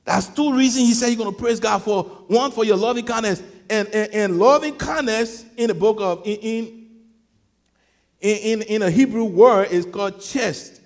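A man preaching a sermon, swinging between shouted peaks and hushed storytelling, often repeating words as he gathers his thoughts. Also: high-pitched, moderate pace. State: sweating. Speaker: pastor. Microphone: clip-on mic.

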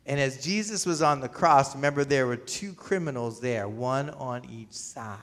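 A man's voice: medium pitch, expressive, normal speed. A man preaching a sermon as pastor. He asks the congregation questions, waits for their answers, and often repeats his words or restarts a phrase. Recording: long reverb of a large hall.

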